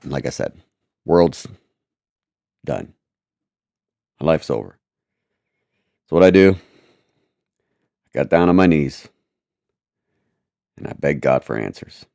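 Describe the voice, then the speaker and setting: A man telling a personal testimony in a halting, repetitive, earnest way. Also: very deep voice, animated, vocal fry, darkish tone, dry recording, clean studio sound.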